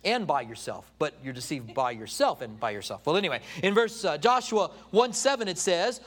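A man preaching a sermon from a study, animated, retelling stories and acting out the voices. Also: on the high side, fairly quick, few pauses, breathy edge. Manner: animated storytelling, acts out quoted voices.

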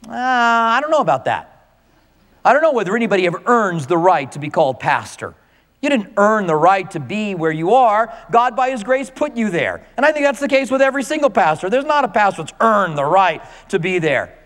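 A male pastor preaching a conversational, animated sermon to his congregation. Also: sits high, fairly quick, long reverb tail.

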